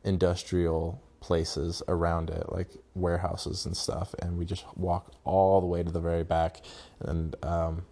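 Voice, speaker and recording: A man's voice: low voice, level tone, unhurried, vocal fry, warm tone. A young man casually telling a rambling travel story, swearing and laughing as he goes. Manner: rambling, profane, laughs often. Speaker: vlogger.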